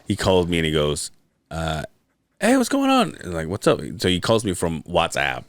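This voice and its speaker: A man's voice: low voice, a little fast, no echo. A man co-hosting a casual podcast chat, telling a story with lots of swearing and quoted voices. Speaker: podcast co-host.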